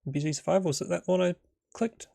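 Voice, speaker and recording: A man's voice: high voice, fairly even intonation, quick pace, vocal fry, mellow, husky, dry recording, studio quality. A young adult man narrating a solo tabletop role-playing session as game master, rambling with many fillers.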